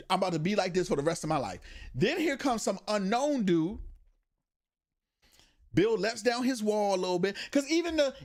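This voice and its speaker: A man co-hosting a podcast, chatting casually about a TV show in a slangy, joking way. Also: high-pitched. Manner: animated, laughing, slangy, acts out scenes in put-on voices. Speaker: podcast co-host. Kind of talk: casual chat reviewing a TV show.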